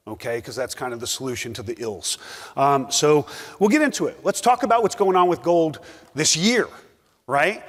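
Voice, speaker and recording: A man's voice: on the high side, fairly bright tone. A middle-aged man giving a casual, joking talk at a conference, full of fillers. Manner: joking, conversational, many fillers. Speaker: conference speaker. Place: conference hall. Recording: reverberant hall.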